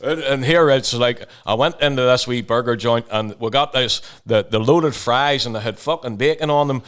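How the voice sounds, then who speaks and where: A man's voice: medium pitch, normal speed, fairly bright tone. A Northern Irish man co-hosting a podcast from a tattoo studio, rambling and swearing, often restarting and repeating himself. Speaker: podcast co-host. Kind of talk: casual podcast banter.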